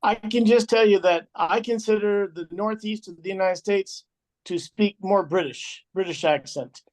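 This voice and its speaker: A man's voice: high-pitched, moderate pace, darkish tone. A man with a Midwestern US accent who explains things patiently and checks that he is understood, over a video call mic.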